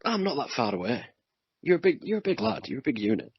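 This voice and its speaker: A man hosts a casual movie podcast and teases his co-host. His voice sits at an ordinary middle pitch. The recording is dry and a little muffled. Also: very animated, quick pace, breathy edge, dry recording. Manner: teasing, jokey. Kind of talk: casual chat.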